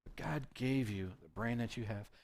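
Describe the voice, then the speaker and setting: A man's voice: medium pitch, moderate pace, darkish tone, a little hiss or hum. A man giving a youth group sermon, conversational and full of rhetorical questions. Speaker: youth pastor.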